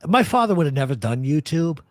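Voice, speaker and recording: A radio show host chats casually and tells stories, arguing his points bluntly and swearing plenty. His fairly high voice swings widely in pitch at a fairly quick clip, and the recording is dry.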